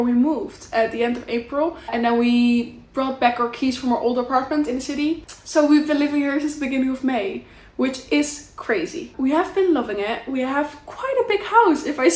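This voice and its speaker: A woman's voice: sits high, roomy sound. Chatty young Dutch woman vlogging. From Netherlands. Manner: chatty, rambling, warm and candid. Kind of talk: casual catch-up chat to camera.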